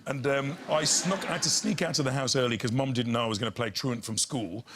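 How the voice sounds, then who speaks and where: Speaking fast at a medium pitch, this man is a chat-show guest recorded in a TV studio with an audience, with background noise present. He spins animated anecdotes, dropping into impressions and different voices as he goes.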